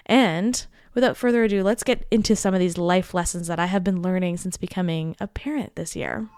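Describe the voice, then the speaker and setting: A woman's voice: on the low side, brisk, hardly any pauses, darkish tone. A young adult woman hosting a solo podcast, speaking in an earnest, heartfelt and enthusiastic way. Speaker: podcast host.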